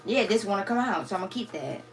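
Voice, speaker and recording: A woman's voice: medium pitch, lively intonation, quick pace, soft background music. A woman giving a blunt, profane spiritual reading to her viewers, often breaking into laughter. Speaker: tarot reader.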